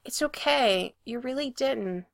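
A woman reading a story and voicing a tired, gentle young man who speaks softly and sounds worn down. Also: high-pitched, expressive, measured pace, vocal fry, dry recording, exaggerated voice. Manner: soft-spoken and worn down.

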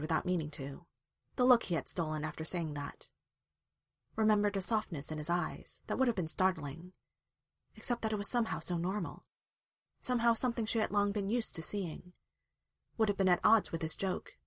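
A woman reads a romance story aloud, measured and expressive. Her voice is breathy and fairly low, with lively rises and falls. The sound is dry and close. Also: no echo. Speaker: fan fiction reader.

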